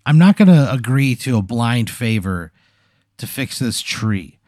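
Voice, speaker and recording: Male podcast co-host, exasperated and profane, mellow dark tone, dry mic. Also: medium pitch, big pitch swings, measured pace, dry recording. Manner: exasperated, swears a lot. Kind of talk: improvised comedy podcast.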